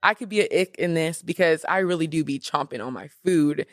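Young woman podcast host, fairly low voice, dry close sound, sassy and emphatic chat. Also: a little fast, dry recording. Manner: animated, emphatic, sassy asides. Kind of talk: casual chat.

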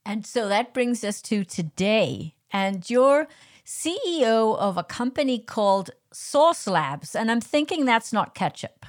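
A woman's voice: on the high side, very animated, unhurried. A woman hosting a podcast interview, curious and asking direct questions. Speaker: podcast host.

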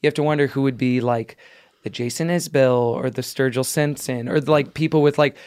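A man's voice: medium pitch, fairly even intonation, brisk, a little mellow, clear, resonant tone, no echo. A man co-hosting a podcast in casual chat, rambling and hedging his thoughts with lots of "like" on a close studio mic. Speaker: podcast co-host.

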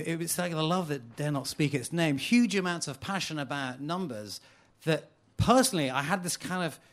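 A man giving a playful, chuckling talk to a live audience in a hall. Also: a little high.

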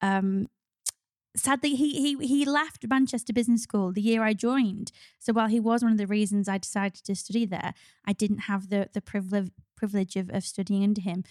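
A woman's voice: medium pitch, fairly even intonation, a little fast, a little mellow, dry recording, studio quality. A woman co-hosting a podcast, chatting in an upbeat way and often laughing. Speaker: podcast co-host. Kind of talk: casual podcast chat.

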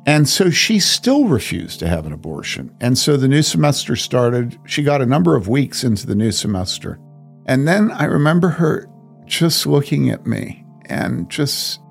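A man's voice: mid-range voice, sing-song, moderate pace, vocal fry, faint music behind. A man speaking as a pastor, telling a story from his ministry in an earnest, emphatic way and asking rhetorical questions.

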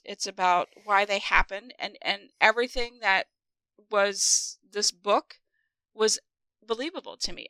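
A woman co-hosting a podcast, chatting casually as an animated storyteller. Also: medium pitch, smooth, no room sound. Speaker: podcast co-host. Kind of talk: casual podcast chat about a book.

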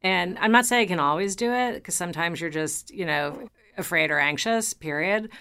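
Woman in her fifties, podcast host, lowish pitch, crisp clean voice, eager and chatty. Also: normal speed, pushed and bright. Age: 50s. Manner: enthusiastic, chatty, many fillers and restarts. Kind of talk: conversational interview.

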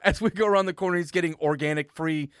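A man's voice: a little high, quick pace, no room sound, clean studio sound. A man co-hosting a radio show, chatting casually, laughing often and telling stories with lots of energy. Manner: animated, laughs often, storytelling. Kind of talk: casual on-air banter.

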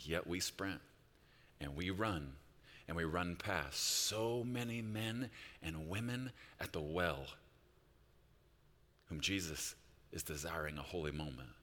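A pastor delivering a sermon, moving between quiet reflective passages and loud, urgent appeals. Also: male voice, sits low, slow pace, pauses often, long reverb tail. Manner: swings from hushed reflection to loud, rising exhortation.

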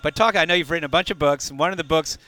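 A male podcast host with a clear, crisp and bright voice. He talks fast and chats easily, laughing along as he trades stories with his guest. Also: a little high. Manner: quick, chatty, laughs often. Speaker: podcast host, former team front office worker. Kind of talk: casual podcast interview.

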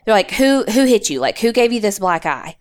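A woman's voice: medium pitch, very animated, fairly quick. A woman co-hosting a podcast, telling a story in a casual, chatty way, swearing freely and acting out the quotes. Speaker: podcast co-host.

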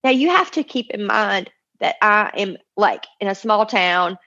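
A woman's voice: mid-range voice, animated, measured pace, pushed and bright. A woman in her forties, a mother, telling an emotional personal testimony in an earnest, tumbling way, acting out the voices she quotes. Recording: dull lo-fi recording.

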